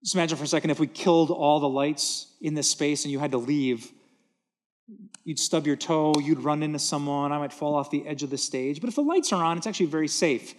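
A man's voice: on the high side, brisk. A man preaching a sermon from a church stage, earnest and emphatic, repeating words for stress. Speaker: pastor.

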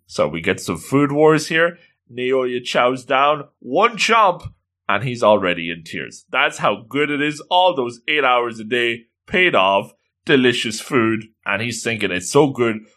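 Excitable recap host, bright lively voice, laughs often. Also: male voice, medium pitch, measured pace.

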